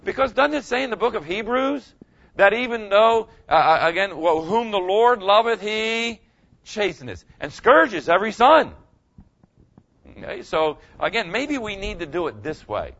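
Speaking at a normal pace, the older pastor sounds very animated, his voice pitched high with a fairly bright tone. The sermon is folksy and conversational, peppered with "okay?" directed at his audience, while the audio itself is dull.

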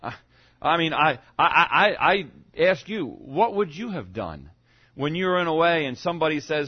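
A man preaching a sermon to his congregation, swinging from loud to hushed as he goes. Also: a little high, big pitch swings, moderate pace, breathy edge. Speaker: pastor. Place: church sanctuary. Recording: dull lo-fi sound.

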